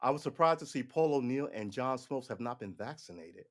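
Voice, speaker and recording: Speaking briskly in a medium pitch, this livestream host in his forties rambles animatedly, swearing often and frequently starting over mid-thought.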